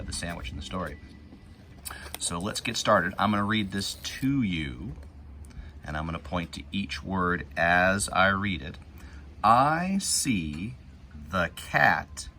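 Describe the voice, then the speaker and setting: Brief: male reading teacher, deep gravelly voice, slow and patient, bright edge, faint hiss. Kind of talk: guided reading lesson for young children.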